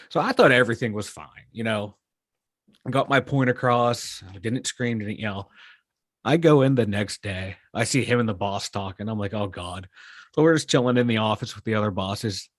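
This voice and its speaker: A man's voice: fairly low pitch, moderate pace, no echo, clean studio sound. A man with a Pittsburgh accent co-hosting a podcast, telling a casual story and acting out what he said at work. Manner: animated storyteller acting out his own quotes. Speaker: podcast co-host.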